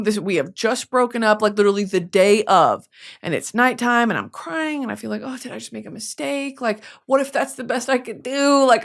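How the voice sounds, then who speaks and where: A young woman, hosting a podcast in a casual comedic monologue full of swearing and dramatic asides. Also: on the high side. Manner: chatty, swearing, dramatic asides, mock voices. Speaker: podcast host.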